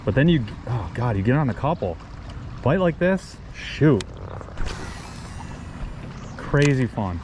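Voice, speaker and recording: A man hosting a fishing vlog from a boat, talking excitedly and loudly about the fish he catches. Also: medium pitch, slow pace, pauses often. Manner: exuberant, shouting and swearing mildly. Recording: wind noise on an outdoor mic.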